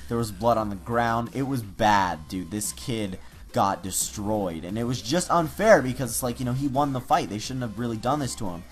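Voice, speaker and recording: A man's voice: medium pitch, animated, normal speed, faint music behind. Teen guy rambling through a story. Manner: rambling, breathless retelling full of fillers. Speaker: YouTuber. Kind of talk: casual storytelling.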